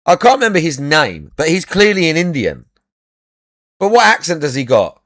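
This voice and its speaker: A man's voice: a little high, wildly swooping pitch, moderate pace, a bit bright, dry recording, studio quality. A young adult man chatting casually as a podcast co-host, blunt and sweary, repeating his points. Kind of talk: casual chat.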